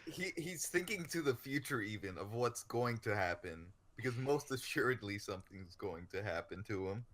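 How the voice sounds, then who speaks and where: A man's voice: on the low side, animated, moderate pace, a bit bright. A man co-hosting a podcast in casual chat, musing earnestly in long run-on thoughts. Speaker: podcast co-host.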